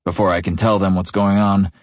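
A man's voice: deep voice, level tone, brisk, no room sound. A young man narrating a first-person novel in a gritty, intense tone. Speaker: audiobook narrator.

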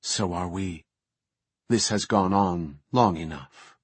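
A man's voice: sits low, slow pace, slightly rough, dry recording, full character voice. A man voicing a slim, terse female elf guide who speaks curtly.

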